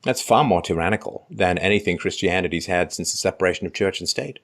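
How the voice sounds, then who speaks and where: A man with a low-pitched voice hosts a casual conversation. He argues his points at length and builds them up with examples. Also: fast talker, a bit bright. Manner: argumentative, builds points with examples and acted quotes.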